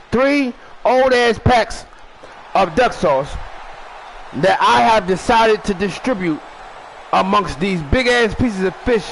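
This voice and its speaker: A man hosting a wrestling show, shouting a rambling profane comic monologue, stuttering at times and eating while he talks. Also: sits high, creaky, slight background noise, rough recording. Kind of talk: loud profane comedic monologue.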